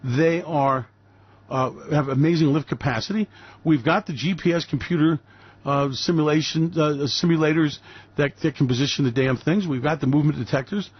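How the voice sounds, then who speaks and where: A man's voice: a little high, moderate pace, breathy edge, no room sound, muffled recording. An older man from New York City, hosting a radio show with emphatic, ranting commentary full of rhetorical questions.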